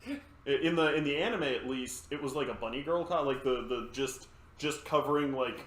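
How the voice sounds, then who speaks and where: A man playing a tabletop game, explaining his view in halting speech full of restarts. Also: medium pitch, fairly bright tone. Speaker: player. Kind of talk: casual chat at a tabletop game. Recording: echoey room, faint noise.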